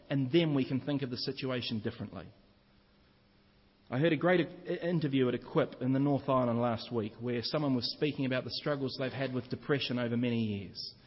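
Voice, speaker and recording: A man's voice: on the high side, slightly rough. A man preaching a sermon as pastor, earnest and explanatory, often asking the congregation questions. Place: church. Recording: reverberant church hall, dull lo-fi sound.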